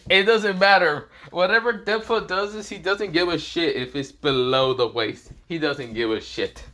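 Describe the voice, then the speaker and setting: A man's voice: fairly high pitch, moderate pace, sharp tone. Rambling crude young male storyteller. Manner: rambling, crude, many fillers. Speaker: fan storyteller. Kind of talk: improvised comedic story narration.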